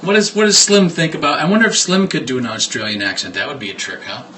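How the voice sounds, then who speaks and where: A man's voice: on the high side, sing-song, quick pace, bright, forceful tone. A man hosting a radio talk show, chatting casually and joking with his guest. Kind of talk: casual chat.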